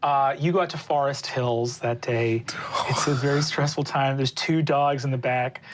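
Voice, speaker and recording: A woman narrating as game master, moving quickly between narration and character voices. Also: extremely low pitch, steady tone, a little hiss or hum.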